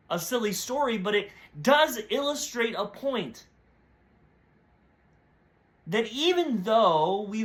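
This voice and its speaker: Male preacher, high bright voice, storytelling devotional talk. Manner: storytelling with brief voiced characters. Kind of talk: short devotional sermon with a told story.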